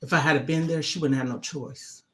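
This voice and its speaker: Her voice sits low with fairly even intonation and a fairly bright tone, moving at a normal speed. This middle-aged livestream host keeps things casual but emphatic, asking "okay?" again and again.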